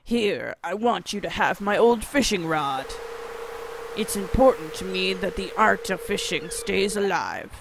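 A woman voicing a salty male fisherman sailor in a lowered, drawling voice. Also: a little slow, gravelly, noisy background. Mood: hearty.

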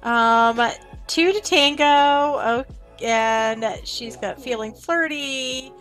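A woman's voice: high voice, very slow, a bit bright, faint music behind. A woman streamer casually commenting on her gameplay, chatting to her game characters and her viewers.

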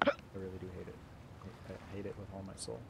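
Low-voiced frustrated young gamer man. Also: fairly even intonation, fast talker, creaky. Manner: frustrated, self-reassuring, repeats himself. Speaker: gaming YouTuber. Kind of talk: gameplay commentary. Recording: loud background noise.

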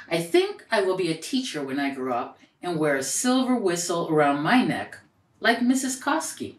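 A woman reading a children's picture book aloud in a gentle, expressive storytelling way, lifting her voice for the quoted lines. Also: on the low side, normal speed. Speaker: storybook reader and educator. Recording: roomy echo, voice a bit far from mic.

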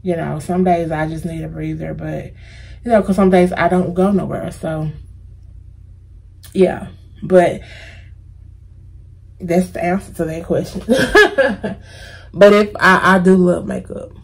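A woman's voice: lowish voice, slow pace, gravelly, pauses often, breathy edge, poor audio. A woman with an American accent answering viewer questions in a casual, chatty, playful vlog. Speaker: vlogger.

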